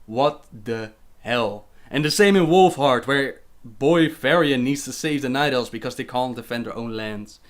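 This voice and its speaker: A man's voice: medium pitch, a little slow, hardly any pauses. A young man with a Dutch accent, hosting a casual livestream where he reads viewer questions aloud and answers them chattily.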